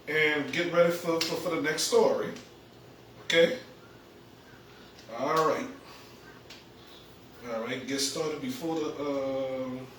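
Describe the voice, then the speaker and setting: A man's voice: fairly high pitch, fairly bright tone, a little hiss or hum. A man hosting a casual home livestream, stammering and repeating his words, often chuckling. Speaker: livestream host. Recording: echoey room.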